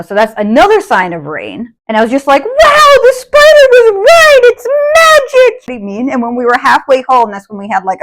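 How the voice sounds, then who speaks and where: A young adult woman who makes witchcraft content tells stories to the camera at home beside an open window. Her medium-pitched voice rambles with plenty of fillers like "like" and "you know what I mean," and she gets chatty and animated recalling old memories.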